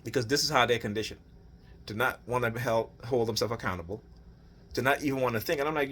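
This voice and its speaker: Husky guy ranting at home, rambly and fired up, keeps saying right?. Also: mid-range voice, quick pace, fairly bright tone. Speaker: father venting on his channel. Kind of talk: casual rant to camera.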